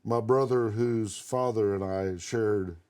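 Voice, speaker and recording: A man's voice: on the low side, fairly even intonation, slow, darkish tone. A middle-aged man co-hosting a podcast, telling long personal stories in a blunt, casual way and swearing freely. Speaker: podcast co-host. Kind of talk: casual conversation.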